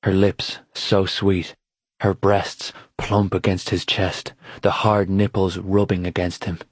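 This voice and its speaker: A man narrating an audiobook in a steady, unhurried reading voice. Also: sits low, slightly rough, no echo. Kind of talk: scripted narration.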